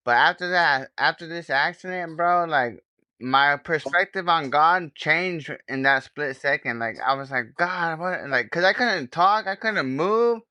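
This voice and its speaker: A man's voice: on the high side, pushed and bright, no echo, muffled recording. A man hosting a podcast interview, affirming his guest and talking casually with lots of "man" and "bro". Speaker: podcast host.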